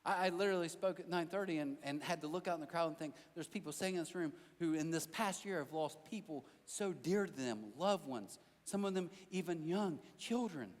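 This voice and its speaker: High-voiced pastor preaching in a reverberant hall. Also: male voice, a little fast, few pauses. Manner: animated storytelling with self-deprecating jokes; talks directly to the crowd. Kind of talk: sermon. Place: church auditorium.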